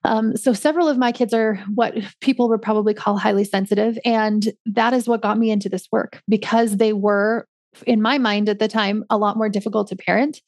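A woman's voice: mid-range voice, steady tone, brisk, a little mellow, dry recording, studio quality. A woman hosting a solo parenting podcast, chatting casually with many ums and likes. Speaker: podcast host, parenting coach.

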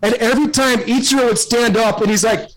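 This man in his forties, once a baseball player, talks fast in a very high-pitched, steady voice while telling casual locker-room tales. It's a rambling, filler-heavy, profane delivery on a very noisy recording.

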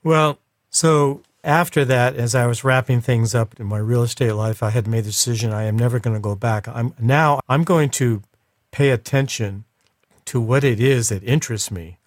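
A man's voice: medium pitch, normal speed, no echo, studio quality. Man telling a personal story. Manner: emotional, reflective. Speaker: interview guest.

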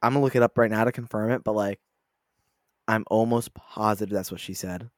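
A man's voice: on the low side, fairly even intonation, brisk, no echo, studio quality. A man co-hosting a casual podcast, reading articles aloud and joking at his own expense. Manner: self-mocking, reads articles aloud. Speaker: podcast co-host. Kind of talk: casual chat.

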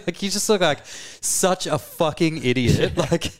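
An Australian man with a smooth, resonant voice, co-hosting a podcast. He tells a tour story in a relaxed, chatty way, laughing easily as he goes. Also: a little high, measured pace. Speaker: touring musician, podcast co-host. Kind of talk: casual storytelling chat.

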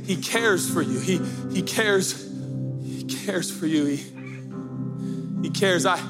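High-voiced preacher man, echoing hall. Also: slow pace. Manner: impassioned, swings from hushed to shouting; sing-song preaching cadence. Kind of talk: sermon. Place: church sanctuary. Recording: echoey hall with music behind.

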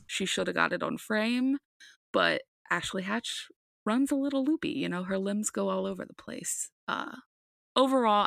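A woman's voice: mid-range voice, vocal fry, fairly bright tone, no echo, clean studio sound. A woman co-hosting a podcast, chatting casually about a game with frequent ums and restarts. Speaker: podcast co-host. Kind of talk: casual sports chat.

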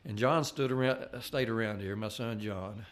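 Older man, somewhat low pitch, earnest testimony, halting delivery, frequent restarts. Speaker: layman giving a faith testimony. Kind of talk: personal testimony.

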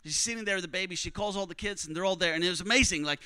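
A young man preaching, telling a missionary story with strong emotion, often dropping to a hush for other people's words. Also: sits high, very fast, smooth, no room sound. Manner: emotional, quotes others in hushed voices. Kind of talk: sermon storytelling.

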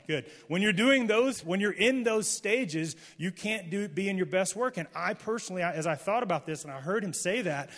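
A man's voice: fairly high pitch, fairly bright tone, in a large hall. A middle-aged man, a pastor, preaching a sermon to a live audience in a candid, conversational way, joking with the listeners. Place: church hall, before a live audience.

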